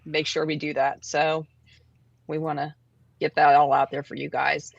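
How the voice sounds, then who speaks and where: A woman's voice: low-pitched, level tone, moderate pace, vocal fry. A woman hosting a casual livestream talk show, chatty and laughing often, with lots of fillers. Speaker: host. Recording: dry, dull lo-fi sound.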